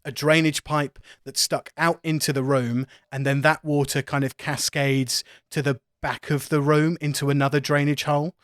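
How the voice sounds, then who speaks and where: A man's voice: fairly high pitch, level tone, moderate pace, few pauses, a bit bright, dry recording, studio quality. A man running a tabletop game podcast, describing scenes as game master in an easygoing way.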